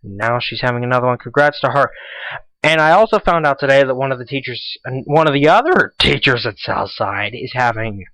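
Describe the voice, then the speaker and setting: A man's voice: medium pitch, animated, brisk, a bit bright, dry recording, poor audio. A teenage boy hosting a casual school radio show, rambling and repeating himself as he chats. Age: teens. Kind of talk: casual solo radio talk.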